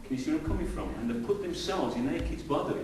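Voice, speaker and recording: Pastor preaching in echoey hall. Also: male voice, a little high, very animated, quick pace, a little mellow. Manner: conversational, full of rhetorical questions to the congregation. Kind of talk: sermon. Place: church hall with congregation. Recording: very echoey hall, distant mic, faint hiss.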